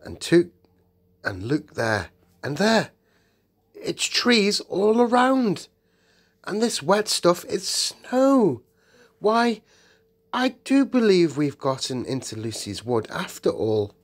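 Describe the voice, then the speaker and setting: Man doing a schoolboy's voice, higher than his own, bluff, exclaiming, audiobook reading. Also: big pitch swings, unhurried. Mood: amazed. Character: eldest schoolboy, blunt and decent.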